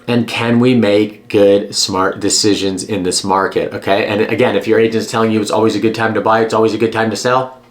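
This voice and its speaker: A man's voice: on the low side, steady tone, fairly quick. A man who works as a real estate agent, talking straight to camera in a blunt, emphatic, persuasive way. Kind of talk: direct-to-camera advice vlog.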